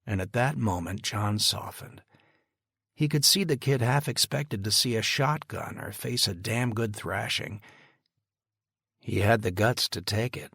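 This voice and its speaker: A man narrating an audiobook in a steady, even storytelling manner. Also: on the low side, a little slow, creaky, husky, no room sound, clean studio sound. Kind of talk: scripted narration.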